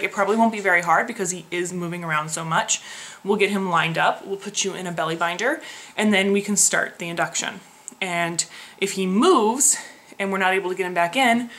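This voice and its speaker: A woman's voice: medium pitch, fairly bright tone. A young woman casually vlogging, chatty and frustrated, laughing often. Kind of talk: casual pregnancy vlog.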